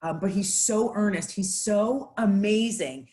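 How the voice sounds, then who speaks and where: An animated panelist tells a story over a video call. The voice is gushing and full of praise, and the delivery stays casual. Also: medium pitch, measured pace.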